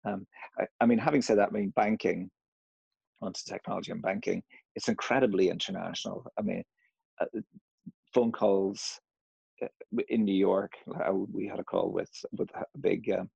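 A man's voice: low voice, steady tone, moderate pace, creaky, pauses often, a little mellow, slightly rough, no echo, dull audio. A middle-aged man with a Northern Irish accent touched by American, talking casually in an interview, hesitant with many fillers and restarts. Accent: Northern Irish, slightly Americanized. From Northern Ireland.

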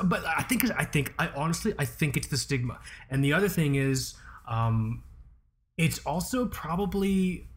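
A man co-hosting a casual chat, telling crude, animated stories and doing mocking impressions. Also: mid-range voice. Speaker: podcast co-host.

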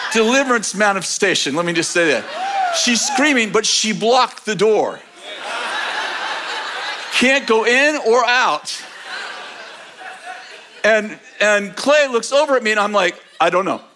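A man with a high, light voice preaches through a personal story. He tells it in an animated way, laughter breaking into his words as he goes. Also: slight background noise. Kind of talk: sermon testimony storytelling.

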